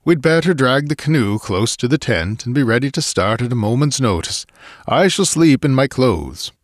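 An unflappable, practical Swedish adventurer, as a male reader puts him on, brisk and matter-of-fact. His voice sits higher than the narration around him. The reading is dry and close, with no room sound. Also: expressive, no echo, natural voice. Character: calm practical Swedish man, adult, unflappable.

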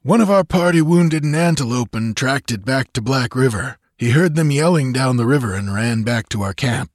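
A harsh, stern frontiersman leading his band of settlers, as a man reads him, curt and urgent. His voice climbs high and sharp over dry, close audiobook sound. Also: expressive, normal speed, no room sound, close to an everyday voice.

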